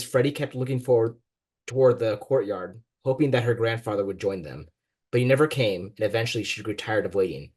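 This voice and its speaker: A man reads a passage of his own fiction over a video call, giving it expression and shifting into the characters' quoted lines. His voice sits low and carries a husky, breathy edge. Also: a little mellow. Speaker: guest author. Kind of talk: reading his fiction aloud.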